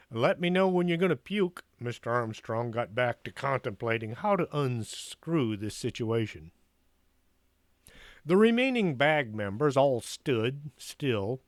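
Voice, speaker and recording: Male storyteller, animated, expressive read-aloud; dry, close mic. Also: mid-range voice, dry recording.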